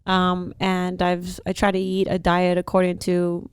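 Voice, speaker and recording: A young woman from Houston, an actress, chatting as a guest in an interview and telling her story in a lively, animated way. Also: on the low side, measured pace, clear, resonant tone, dry recording. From Houston, Texas. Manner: animated storyteller with frequent laughs. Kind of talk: casual interview chat.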